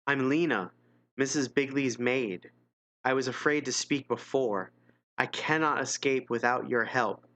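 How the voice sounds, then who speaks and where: A frightened young maid trapped under a curse begs for help in this read-aloud gamebook dialogue, as a man voices her. She pleads with rising desperation, and the delivery stays slow and unhurried. The voice stays close to the reader's own. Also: medium pitch, pushed and bright. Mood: pleading.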